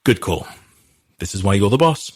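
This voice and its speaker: A playful young woman with a teasing, blunt humor, as a male audiobook narrator reads her, in a deep, slightly husky voice. Her lines come across dry and close, with no room sound. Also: animated, normal speed, dry recording. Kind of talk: audiobook character reading.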